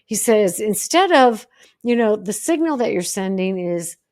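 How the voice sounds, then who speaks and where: A woman's voice: medium pitch, very animated, a little slow, darkish tone. A middle-aged woman psychologist talking on her own podcast from home in a direct, earnest way, acting out example phrases as she explains. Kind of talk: solo podcast coaching talk. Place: home, deer and fence outside.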